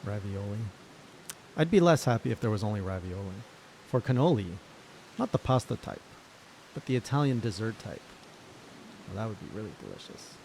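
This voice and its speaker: A man's voice: fairly low pitch, animated, moderate pace, vocal fry, pauses often, darkish tone, a little hiss or hum. Playful man rambling over a game. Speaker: streamer. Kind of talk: casual game playthrough commentary.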